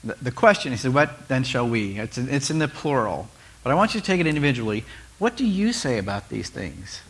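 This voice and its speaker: A man's voice: mid-range voice, fairly quick, husky. A male pastor giving a conversational sermon, asking the listeners questions and changing his tone often. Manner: conversational, animated preaching with rhetorical questions.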